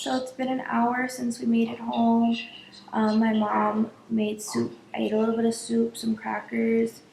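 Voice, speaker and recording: A young woman talks straight to her camera in an excited, chatty vlog. Her voice sits a little high, and a faint hum of noise runs underneath. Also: vocal fry, poor audio. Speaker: vlogger.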